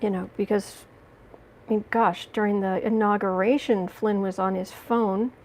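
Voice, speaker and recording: A woman hosting a casual livestream from home, chatting with viewers and reading their questions in a relaxed, rambling way. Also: medium pitch, normal speed, slight background noise. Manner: chatty, coos baby talk to her cat between reading viewer questions. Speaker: tarot reader and livestream host.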